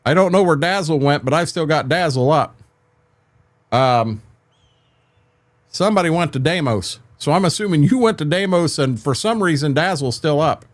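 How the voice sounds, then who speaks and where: A man's voice: a little high, lively intonation, normal speed. An older man streaming a farming game from home, chatting casually with viewers on a desk microphone, rambling and repeating his words as he talks. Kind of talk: casual livestream chat with viewers.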